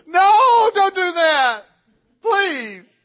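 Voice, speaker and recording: A man voicing a desperate horde of male demons, shrieking and pleading in a high, frantic voice, on a dull lo-fi recording. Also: sing-song, very slow, a bit bright, heavily acted.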